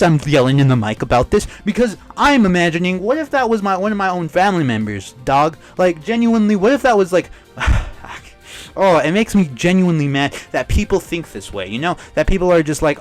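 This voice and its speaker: A young man delivers heated reaction commentary, ranting and swearing as he builds up steam. His voice sits a little high for a man. Soft music plays faintly underneath. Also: very animated, fairly quick. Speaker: commentary YouTuber.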